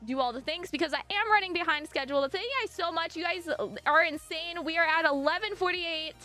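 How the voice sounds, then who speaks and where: A young adult woman live-streaming, chatting casually and gushing excitedly at her viewers, breaking into squeals. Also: extremely high pitch, a little fast, faint music behind.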